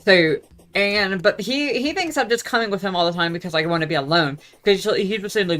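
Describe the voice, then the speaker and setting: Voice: medium pitch, quick pace, a bit bright, faint music behind. A young adult vlogger telling a story in a casual, profane, rambling rant that keeps losing its thread. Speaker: gaming vlogger.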